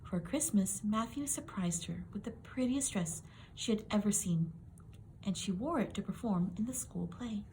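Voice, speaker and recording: A woman reading a children's picture book aloud for young listeners. Her delivery is gentle, clear and expressive, with a faint noise underneath. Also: mid-range voice, normal speed. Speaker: storybook reader.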